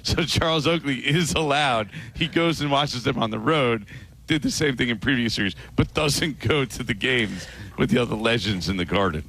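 A man's voice: medium pitch, normal speed, vocal fry, fairly bright tone. A man co-hosting a sports radio show, explaining at length in a loose conversational way.

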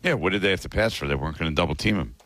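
A man with a fairly low voice co-hosts a sports radio show. He talks through his points conversationally, stopping and restarting as he goes. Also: racing, a bit bright, dry recording. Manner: conversational, explains at length with restarts.

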